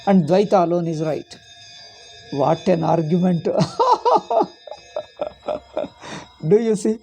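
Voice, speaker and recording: A man's voice: fairly high pitch, creaky, breathy edge. Man lecturing with emphatic anecdotes. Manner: rambling, with anecdotes and rhetorical questions; animated and emphatic, often laughing at his own points. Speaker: Vedanta teacher.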